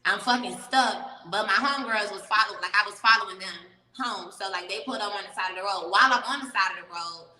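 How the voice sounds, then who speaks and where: A woman telling a story as an interview guest, animated and profane, laughing often. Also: medium pitch, fast, hardly any pauses, echoey room, long reverb tail, poor audio. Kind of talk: casual storytelling.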